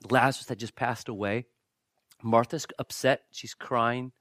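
Guy pastor preaching, goes from loud to almost whispering, cracks jokes at the crowd, dry close sound. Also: medium pitch, a little slow, no room sound. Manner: animated, swings from loud bursts to hushed near-whispers; jokey asides to the congregation. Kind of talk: sermon.

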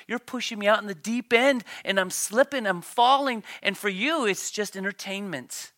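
Middle-aged male pastor, lively sermon delivery, bright forceful tone, dry close sound. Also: sits high, moderate pace, hardly any pauses, no room sound. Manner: animated preaching, voice climbing when storytelling.

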